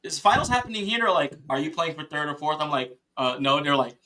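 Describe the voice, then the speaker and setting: A man talking casually on a podcast, telling a rambling, excited story with many restarts and laughs, and acting out what his teammates said. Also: on the high side, fast. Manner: quotes teammates in lively voices. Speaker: podcast guest, paintball player.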